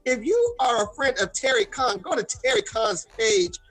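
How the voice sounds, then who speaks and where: Talk show host guy, bit husky, repeats himself, faint music behind. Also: very high-pitched, big pitch swings, normal speed, fairly bright tone, no echo, rough recording. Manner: repeats words, upbeat promo patter. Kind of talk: casual chat.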